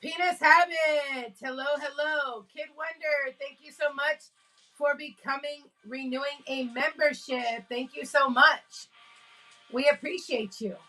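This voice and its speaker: A woman's voice: sits high, fairly even intonation, unhurried, bright, forceful tone, faint music behind, rough recording. A woman hosting a casual live stream from home, telling stories with lots of laughs and greeting her chat. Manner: chatty storyteller, laughs often, greets chat. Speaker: livestream host.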